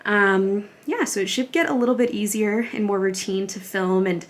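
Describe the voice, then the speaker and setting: A woman's voice: medium pitch, normal speed. A young woman, a beauty vlogger and mother, chatting casually to the camera at home in a bubbly, gushing way with plenty of fillers. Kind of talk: casual vlog chat to camera. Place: at home, in her mud room.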